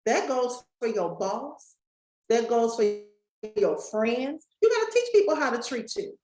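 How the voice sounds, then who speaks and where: A woman's voice: fairly high pitch, sing-song, unhurried, echoey room, low-quality recording. A woman giving a folksy motivational talk to a live and online audience, speaking straight to the crowd. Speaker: summit speaker and coach.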